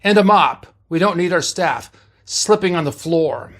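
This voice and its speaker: A man voicing a gruff, blunt male ship doctor who barks orders in a read-aloud story. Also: fairly high pitch, animated, unhurried, fairly bright tone. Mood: brusque. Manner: brusque, barking orders.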